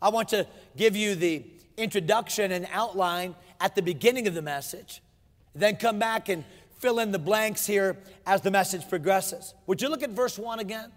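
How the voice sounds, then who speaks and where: High-voiced man preaching in a reverberant hall. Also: normal speed. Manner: emphatic, repeats phrases, asks rhetorical questions. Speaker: pastor. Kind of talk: sermon.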